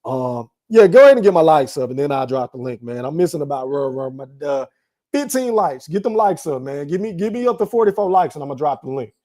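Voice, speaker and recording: Animated man hosting a live boxing podcast. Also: fairly high pitch, fast talker. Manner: animated, laughs often, talks straight to the chat. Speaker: podcast host. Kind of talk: casual live-stream commentary.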